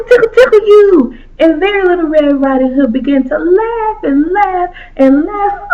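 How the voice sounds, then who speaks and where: Woman storyteller, lively pitch, slightly high, slow children's story delivery. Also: creaky. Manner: slow and expressive, sing-song. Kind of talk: children's story told aloud. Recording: dull lo-fi recording.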